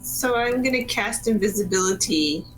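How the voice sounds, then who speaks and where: A woman playing in a tabletop game as a guest, speaking in a squeaky, sing-song voice. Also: expressive, moderate pace, music in the background, low-quality recording. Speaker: guest player. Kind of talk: casual tabletop play.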